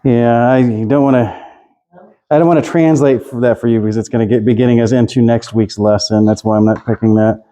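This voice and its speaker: Mellow-voiced man teaching a casual class. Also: medium pitch, steady tone, a little fast. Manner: loose and chatty, loses his notes, laughs often.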